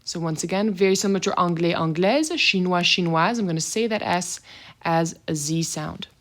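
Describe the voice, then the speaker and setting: Patient French teacher, woman, low voice. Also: a bit bright. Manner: patient, slows down to model pronunciation; explains step by step. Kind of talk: recorded video lesson.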